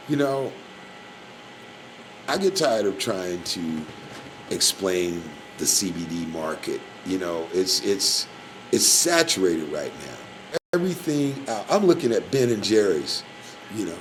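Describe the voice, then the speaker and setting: A man's voice: deep voice, lively intonation, unhurried, background noise. A man hosting a live community radio show in a loose, casual way, rambling with lots of fillers. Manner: rambling, filler-heavy, shout-outs.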